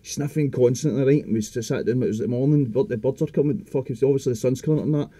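Scottish guy, young adult, rapid rambling storyteller, very dark voice, swears a lot. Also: mid-range voice, dry recording. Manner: rambling, heavy swearing, frequent restarts. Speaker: podcast guest. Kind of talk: casual chat.

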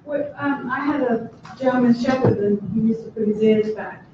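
A woman's voice: a little high, normal speed, background noise. A woman in the audience speaking hesitantly about her own dog. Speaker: audience member. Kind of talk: answering from the audience. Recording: distant, echoey, dull.

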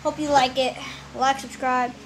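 A woman's voice: high-pitched, flat delivery, measured pace, a little hiss or hum, rough recording. A woman vlogging a toy unboxing in casual commentary, complaining with theatrical disappointment and whiny outbursts.

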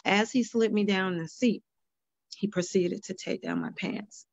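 A woman's voice: medium pitch, moderate pace, gravelly, no echo, muffled recording. A woman speaking as a panel guest, giving earnest personal testimony and retelling past conversations. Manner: earnest storytelling, quoting past dialogue.

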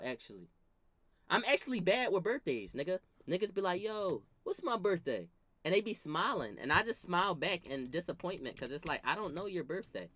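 Bright-voiced young man ranting comically. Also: high-pitched, dry recording. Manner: animated, profane, slangy, laughs at own stories. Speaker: vlogger. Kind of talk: casual comedic storytelling rant.

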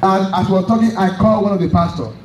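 A man's voice: high voice, quick pace, reverberant, far from the mic, a little hiss or hum, low-quality recording. A man preaching a sermon, telling a story with emphatic repeated phrases.

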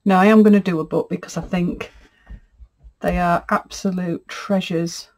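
A woman's voice: on the low side, fairly even intonation, normal speed, a little mellow. A middle-aged woman, a textile artist, chatting casually as she looks over fabric pieces, gushing and easily moved. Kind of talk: casual unboxing chat.

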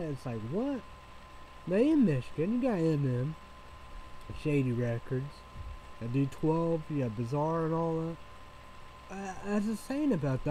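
A man's voice: fairly high pitch, mellow, slight background noise, low-quality recording. A man talking in a loose, rambling vlog, circling back on himself and swearing freely. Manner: rambling, repetitive, with frequent swearing. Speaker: vlogger.

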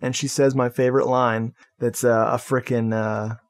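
A man co-hosting a podcast, recapping a horror film in casual chat, excitable and swearing freely. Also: mid-range voice, moderate pace, smooth. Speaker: podcast co-host.

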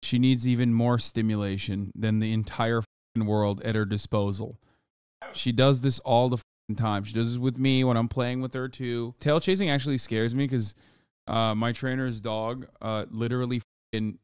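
A man's voice: mid-range voice, steady tone, moderate pace, a little mellow, smooth, no room sound, clean studio sound. A man in his thirties streaming live, talking casually and profanely, ranting at his chat while dogs bark nearby. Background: dogs barking.

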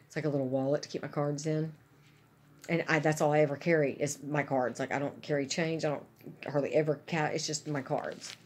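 A woman's voice: sits low, darkish tone, husky. A woman chatting casually and gushing to her viewers about gifts she is unboxing. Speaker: vlogger.

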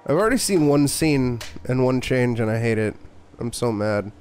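A man's voice: medium pitch, expressive, normal speed, darkish tone, soft background music. A man streaming a horror game, giving sarcastic, mock-scared commentary and swearing freely. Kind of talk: live gameplay commentary.

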